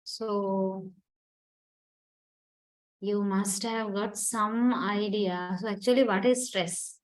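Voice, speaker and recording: A woman's voice: medium pitch, steady tone, slow, rough recording. A woman lecturer explaining a topic to her class in a patient classroom lecture, often checking in with her students. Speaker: university lecturer.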